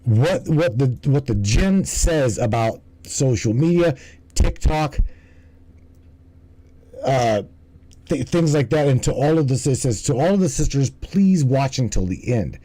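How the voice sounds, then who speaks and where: A man's voice: mid-range voice, animated, measured pace, warm tone, no room sound, poor audio. A man hosting a livestream in casual commentary, rambling and swearing, often stumbling and restarting his words. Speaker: livestream host.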